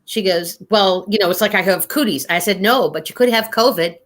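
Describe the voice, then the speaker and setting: A woman in casual chat, telling an anecdote in a lively way and acting out the other people's voices. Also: medium pitch, brisk.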